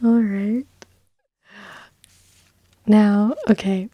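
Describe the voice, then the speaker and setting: Soft half-whispering American woman. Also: mid-range voice, little pitch movement, very slow, dry recording, highs cut off. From United States. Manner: gentle, half-whispered questions. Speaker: interviewer, ASMR host. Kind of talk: soft-spoken interview chat.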